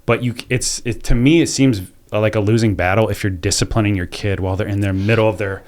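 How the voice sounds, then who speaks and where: A man's voice: fairly low pitch, fairly even intonation, fast talker, darkish tone. A young adult man hosting a podcast conversation, reflective and often restarting sentences as he thinks aloud. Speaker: podcast host. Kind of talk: conversational interview.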